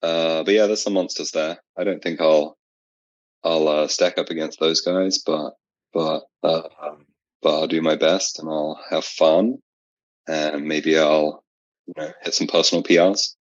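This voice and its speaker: A British man with an extremely deep, low voice talks in a halting, relaxed way, full of "uh" and "like". His audio sounds dull and lo-fi, with a dry, close sound and no room echo. He is a guest on a casual podcast. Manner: halting, filler-heavy. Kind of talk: casual chat.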